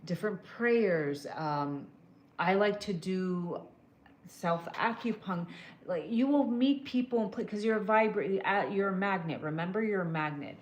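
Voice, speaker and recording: A woman's voice: mid-range voice, a little slow. A woman hosting a casual live stream, giving wellness advice directly and answering viewers with pet names. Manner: direct, calls viewers "girl" and "my love". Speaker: livestream host doing emotional scans. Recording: echoey room.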